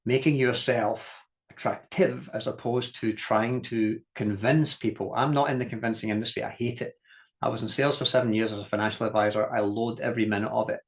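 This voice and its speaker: A man leads a business masterclass in a mid-pitched voice, neither high nor low. He tells anecdotes with energy, slips into other people's voices for quotes, laughs along the way, and hammers his key points home plainly. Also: brisk. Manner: lively storytelling, acts out quoted voices, laughs often; direct, repeats key points for emphasis. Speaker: business coach. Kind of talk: masterclass teaching talk.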